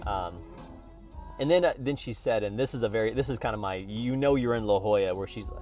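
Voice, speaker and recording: A man's voice: fairly low pitch, a little fast, darkish tone, faint music behind. A man from Oklahoma talking casually to camera in a rambling, playful travel vlog, full of restarts. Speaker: vlogger.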